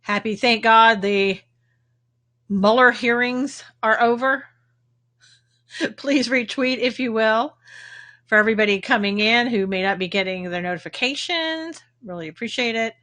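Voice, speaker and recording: Greeting viewers by name as she chats, a livestream host speaks from her Texas home with a Texan accent. Her voice sits fairly high, sounding pushed and bright, and she takes her time.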